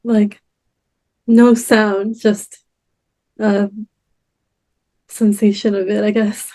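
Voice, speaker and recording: A woman's voice: medium pitch, little pitch movement, very slow, dark tone, rough recording. A woman in a therapy session, hesitant and searching for words, laughing through tears. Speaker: client.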